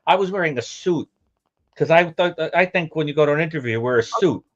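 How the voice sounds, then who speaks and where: A man's voice: on the high side, animated, fast talker, muffled recording. A man from Brooklyn with a New York accent, hosting a live stream and telling stories with jokes. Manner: joking, storytelling. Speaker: host. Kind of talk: casual chat.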